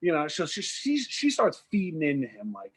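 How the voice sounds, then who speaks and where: Rambling young man with a husky voice. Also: on the high side, wildly swooping pitch. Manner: rambling, acts out characters in quick asides. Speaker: podcast co-host. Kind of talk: casual storytelling chat.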